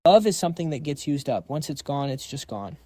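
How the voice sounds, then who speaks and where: A man's voice: fairly high pitch, animated, brisk, warm tone, no echo. A man voicing a proud woman scientist who pleads with her ex-husband in an earnest manner. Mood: cold.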